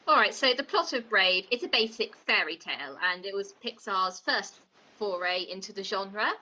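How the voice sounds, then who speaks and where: Bright sharp-tongued woman critic. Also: medium pitch, expressive, normal speed, muffled recording. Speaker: podcast co-host as prosecutor. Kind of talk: comedic podcast film critique.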